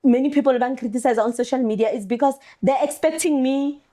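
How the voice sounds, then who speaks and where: A woman's voice: high-pitched, fairly quick. A woman from South Africa with a Pretoria township accent, chatting as a guest and telling stories as she code-switches. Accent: Pretoria township English. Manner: code-switching, animated storytelling. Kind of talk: casual interview chat.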